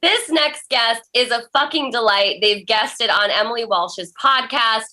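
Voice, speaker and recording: A woman's voice: fairly high pitch, measured pace, pushed and bright. A woman hosting an online comedy show over a video call, tipsy, profane and self-mocking. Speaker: host.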